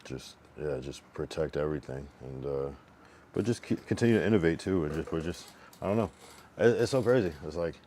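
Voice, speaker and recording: A young man with a deep, low voice talks casually to his stream chat. He rambles a little, uses plenty of fillers, and repeats a word many times while testing how to say it. A faint room hum sits underneath. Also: animated, fairly quick, mellow. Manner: repeats a word over and over to get the pronunciation right. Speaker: livestreamer.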